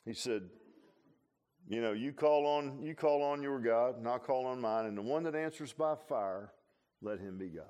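A pastor giving a conversational sermon in a folksy manner, often repeating and restarting phrases and adding humorous asides. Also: male voice, medium pitch, normal speed, darkish tone.

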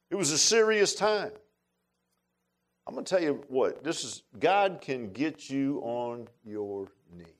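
A man preaching a sermon in a folksy, emphatic way, with many asides to the congregation. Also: on the high side. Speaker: pastor.

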